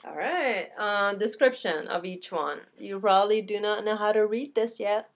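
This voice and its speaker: A woman's voice: medium pitch, moderate pace. A woman teaching a beginner language lesson, saying each word twice and chatting casually between words. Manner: casual, self-correcting. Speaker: Arabic teacher.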